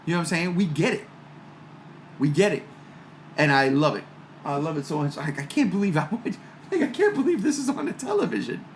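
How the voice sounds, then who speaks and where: A man hosting a casual fan chat, excitable and laughing as he talks. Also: fairly high pitch, brisk, pauses often, slight background noise. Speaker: podcast host.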